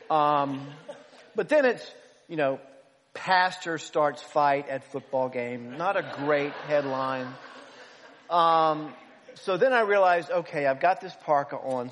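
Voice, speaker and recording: Pastor from the United States, a man with a fairly high voice, spinning a funny anecdote from the pulpit, long hall echo. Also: slight background noise. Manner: animated, self-deprecating storyteller. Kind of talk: storytelling sermon.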